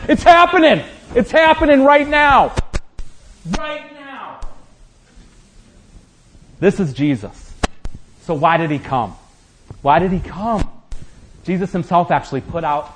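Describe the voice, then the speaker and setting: A man's voice: high voice, slight background noise, rough recording. A man preaching a sermon as pastor, building up with rhetorical questions and acting out quotes.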